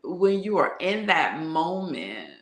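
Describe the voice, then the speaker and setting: A woman's voice: lowish voice, big pitch swings, slow pace, a bit bright. A woman telling a candid personal story in a frank, slangy, conversational way that is broken up with laughter. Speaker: tarot reader and channel host. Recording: echoey room.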